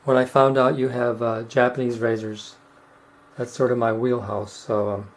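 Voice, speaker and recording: A middle-aged man giving casual step-by-step how-to narration while demonstrating razor honing, unhurried and plain-spoken. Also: medium pitch, little pitch movement, rough recording. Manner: unhurried, explains step by step with fillers.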